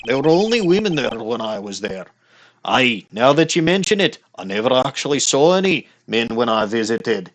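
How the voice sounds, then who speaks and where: A man playing through a game, reading the dialogue aloud in a goofy put-on Scottish accent and commenting on the story. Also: mid-range voice. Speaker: let's play streamer.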